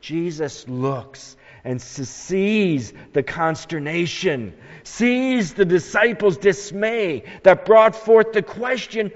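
A man preaching a sermon, swinging from anguished shouts down to hushed, slow reflection. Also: mid-range voice, lively intonation. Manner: dramatic, rises to anguished shouts then drops to hushed tones. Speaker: pastor. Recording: muffled sound with long hall reverb.

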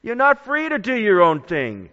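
A man preaching a sermon with dramatic, emphatic emphasis and drawn-out phrasing. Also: high voice, wildly swooping pitch, fairly bright tone. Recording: dull lo-fi with long reverb.

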